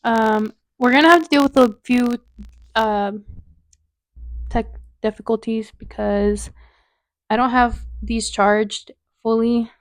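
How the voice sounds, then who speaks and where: Young woman, podcast host, casual and candid, slightly high voice, echoey room. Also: slow pace, pauses often. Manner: candid, expressive, swears freely, fillers like "um" and "like". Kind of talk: casual chatty podcast monologue.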